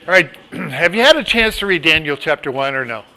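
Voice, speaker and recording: A middle-aged man teaches a small Bible study in a loose, chatty way, trailing off and restarting as he goes. His voice is bright and forward, sitting a little high for a man. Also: animated, brisk. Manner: chatty, rambling, with asides and restarts.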